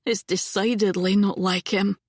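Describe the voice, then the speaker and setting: A woman's voice: mid-range voice, fairly even intonation, a little slow, slightly rough, no echo, clean studio sound. A woman reading an audiobook voices a distraught middle-aged aunt who talks in a trembling, pleading way. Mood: tearful.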